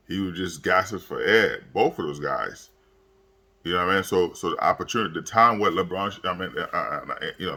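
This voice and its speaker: A young man with a low voice that still has a bright, forceful edge, talking through a late-night sports recap. He sounds worn out and keeps stumbling over fillers and repeats as he rambles. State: tired, yawning late at night. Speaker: sports vlogger. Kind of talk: casual sports commentary vlog.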